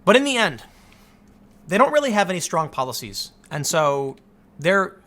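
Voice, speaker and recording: A man's voice: sits high, big pitch swings, moderate pace, bright, forceful tone. A man giving casual political commentary, tired and exasperated, rambling with frequent restarts.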